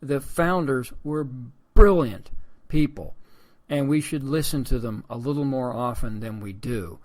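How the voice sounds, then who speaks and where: A man's voice: mid-range voice, unhurried, a little mellow. A man hosting a political commentary podcast, talking in a sarcastic, rambling way and calling his listeners folks. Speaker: podcast host.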